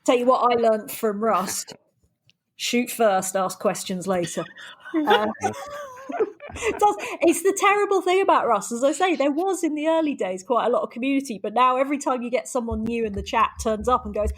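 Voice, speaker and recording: A woman's voice: a little high, animated, moderate pace, slight background noise. A woman hosting a podcast, chatting casually, laughing often and wandering off on tangents. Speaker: podcast host.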